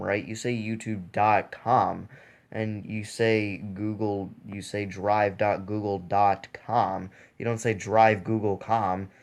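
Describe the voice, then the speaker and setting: Young man, game channel host, casual commentary, rambling, fillers, fairly low voice. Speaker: mobile gaming channel host.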